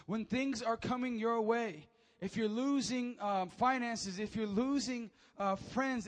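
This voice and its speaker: Young man, pastor, animated preaching, high-pitched, church stage. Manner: animated storytelling, acts out quotes. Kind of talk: lively sermon. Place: church stage before a congregation.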